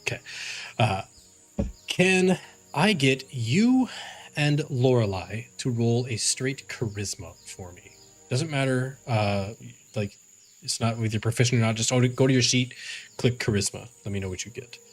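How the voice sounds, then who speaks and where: A man's voice: mid-range voice, expressive, unhurried, soft background music. A man narrating as game master for a tabletop game, rambling with fillers and restarts.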